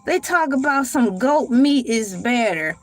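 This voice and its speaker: A woman hosting a casual live stream, talking in an animated, dramatic way and breaking into shouts and laughter. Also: on the high side, unhurried, soft background music. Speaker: livestream host.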